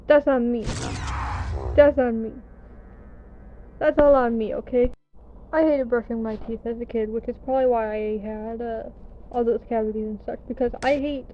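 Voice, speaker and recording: A woman's voice: a little high, narrow, tinny audio, a little hiss or hum. A young American woman telling a story in a casual, chatty, self-deprecating way, swearing now and then. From United States. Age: young adult. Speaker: gaming vlogger. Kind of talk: casual storytelling over gameplay.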